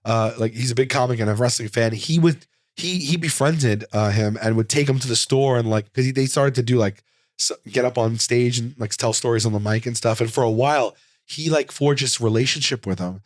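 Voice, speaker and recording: A man's voice: mid-range voice, fairly quick, no room sound. Chatty man telling a story in a dry studio. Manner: animated, rambling, with frequent fillers and restarts. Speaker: comedian guest. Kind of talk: casual interview storytelling.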